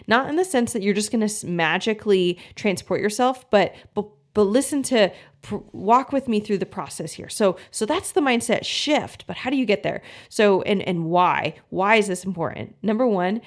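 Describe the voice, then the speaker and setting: Woman coach talking straight to camera, upbeat and encouraging, mid pitch voice. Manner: encouraging, uses homely examples and acts out inner thoughts. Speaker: gut health coach. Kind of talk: motivational video talk to viewers.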